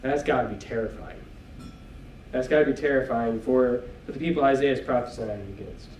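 A man's voice: mid-range voice, a little fast, a little mellow, slight background noise. A man teaching a Bible class in church, talking it through in a conversational way and checking in with "okay?" asides. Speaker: preacher. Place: church hall. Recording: echoey room, mic at a distance.

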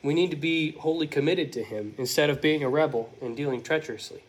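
A man's voice: a little high, fast talker. A man preaching verse by verse, reading scripture aloud and then explaining it unhurriedly. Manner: self-correcting slips while reading. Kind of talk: verse-by-verse Bible teaching.

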